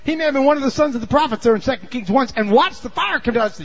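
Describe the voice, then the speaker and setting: A man preaching a sermon in a folksy storytelling way, dropping to low asides and then shouting for emphasis. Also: big pitch swings, racing, hardly any pauses, highs cut off.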